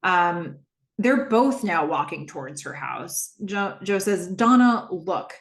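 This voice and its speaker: A woman with a creaky voice takes it slowly as she casually recaps a TV episode on her podcast, scene by scene. She acts out the characters' lines with shifting pitch in an animated retelling, and the recording echoes in the room.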